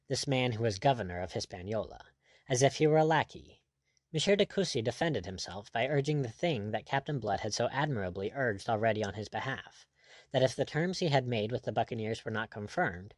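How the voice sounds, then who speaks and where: A man giving a measured, scripted audiobook narration. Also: medium pitch, no room sound.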